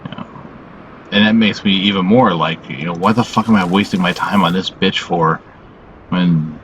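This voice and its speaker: A man hosting a casual confessional vlog, weary and subdued, talking haltingly with lots of "you know" fillers and frequent swearing. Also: deep voice, steady tone, a bit bright, slight background noise, poor audio. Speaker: channel host.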